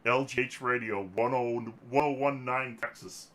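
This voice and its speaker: A man's voice: medium pitch, fairly even intonation, moderate pace, over a noisy crowd. A man hosting a casual podcast, joking and rambling, laughing often, talking into a desk microphone. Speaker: podcast host.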